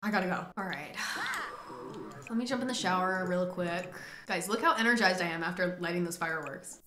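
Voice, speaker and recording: A woman giving animated let's-play commentary, playfully narrating what her game character does and sometimes breaking into loud shrieks and laughter. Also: lowish voice, fairly quick. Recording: roomy echo with clear background noise.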